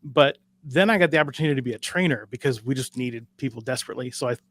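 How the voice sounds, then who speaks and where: A man's voice: medium pitch, rapid-fire, a bit bright. A middle-aged man from Alaska, a dispatch trainer talking as a podcast guest, easygoing and self-deprecating, with many fillers. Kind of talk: casual interview chat.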